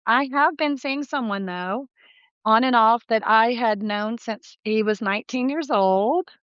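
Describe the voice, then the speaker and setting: A woman's voice: a little high, unhurried, clear, resonant tone, no room sound. Chatty woman in her sixties, dull dry sound. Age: 60s. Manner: warm, chatty, laughs often, acts out quoted voices. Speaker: guest, dentist. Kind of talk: casual interview chat.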